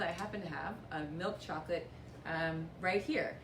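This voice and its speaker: A woman walks viewers through a wine tasting in a chatty, upbeat way, with a few jokes at her own expense. Her voice sits somewhat low. The camera mic catches her from a distance in a roomy, echoing tasting room. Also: moderate pace, noisy background. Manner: chatty and upbeat, with light self-mocking humor. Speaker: winery host giving a tasting lesson. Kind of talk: casual instructional demonstration. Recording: echoey room, voice picked up from a distance.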